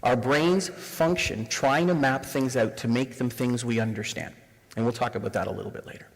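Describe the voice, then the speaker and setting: A man in his forties from Canada, leading a workshop for a room of listeners. He keeps pulling them in with rhetorical questions, his mid-pitched voice carrying a long reverb from the hall. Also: normal speed, gravelly. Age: 40s. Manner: engaging, asks the audience rhetorical questions. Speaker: diversity workshop facilitator. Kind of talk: live presentation to an audience. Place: room with a live audience.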